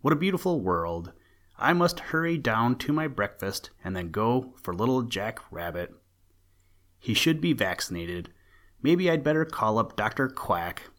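A kind but fussy old gentleman rabbit, exclaiming and scolding in an old-fashioned manner, as a male storyteller puts him on. His voice sits a little higher than his narration. A storybook character. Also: sing-song, measured pace. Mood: cheerful.

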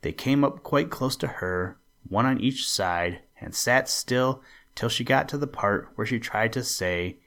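A man hosting a story podcast, reading a children's classic aloud in a calm, unhurried way. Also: mid-range voice. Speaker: storyteller host.

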